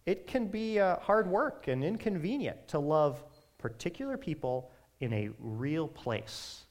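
A man preaching a sermon in a conversational, animated way, with quick asides to his listeners. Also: fairly high pitch. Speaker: pastor.

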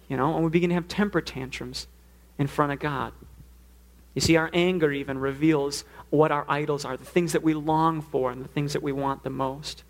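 A man's voice: a little high, fairly even intonation, moderate pace, vocal fry. A man preaching a sermon, earnest, now and then acting out the pleas he quotes. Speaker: pastor.

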